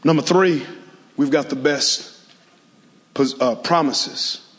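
A man preaching a sermon to a large auditorium, calling for responses and swinging from soft to shouting. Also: mid-range voice, slow, long reverb tail. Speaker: pastor.

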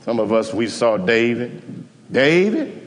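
Animated high-voiced preacher. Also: male voice, unhurried, big-room sound, slight background noise. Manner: animated, emphatic, chuckling storytelling. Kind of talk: sermon.

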